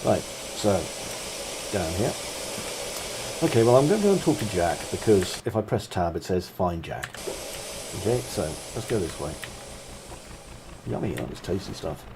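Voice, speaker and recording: A man's voice: fairly low pitch, sing-song, moderate pace, pauses often, background noise. A man who is a game developer, giving casual gameplay commentary in a chatty, self-mocking way with frequent asides.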